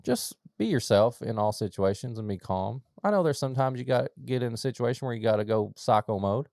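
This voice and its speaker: A man co-hosting a podcast in casual chat, rambling with lots of fillers and sudden animated bursts. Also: mid-range voice, brisk, vocal fry, hardly any pauses, no room sound, studio quality. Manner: rambling, filler-heavy, jumps to animated outbursts. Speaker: podcast co-host.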